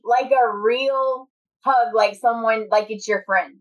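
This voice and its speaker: A woman with a fairly high voice chats casually as a podcast host, telling lively stories and breaking into laughter. She acts out what others said as she goes. The sound is dull and lo-fi. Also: slow. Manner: animated storyteller, laughs often, acts out quotes. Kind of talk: casual chat.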